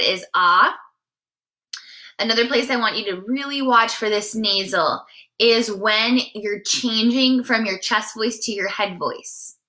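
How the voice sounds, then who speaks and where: A woman with a bright, ringing voice, pitched a little high, gives a live singing lesson. She talks in a chatty, encouraging way and keeps checking in with her viewers. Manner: demonstrates sighs and nasal sounds mid-explanation. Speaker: singing teacher.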